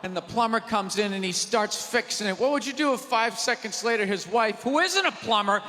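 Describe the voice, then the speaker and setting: Brief: high-voiced male stand-up comic, loud exasperated rants, live theater with crowd noise and long reverb. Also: lively intonation, fairly quick. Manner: loud, ranting, exasperated delivery. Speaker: stand-up comedian. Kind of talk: stand-up comedy set. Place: theater stage before a live audience.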